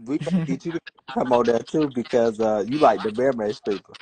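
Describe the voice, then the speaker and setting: A man's voice: medium pitch, a little fast, a crowd in the background, rough recording. A man co-hosting a casual chat show, joking and laughing often. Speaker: host.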